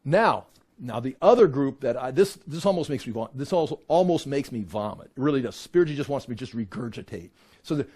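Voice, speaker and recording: A middle-aged man teaching a Bible class in an animated way, with sarcastic asides and mock voices. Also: mid-range voice, quick pace, husky.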